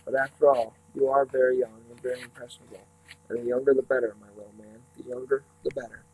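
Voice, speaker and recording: A man reading a storybook aloud, voicing a smooth, menacing male villain who speaks blandly and condescendingly. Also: mid-range voice, little pitch movement, a little mellow, natural voice, poor audio. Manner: bland, condescending, slow and patronizing.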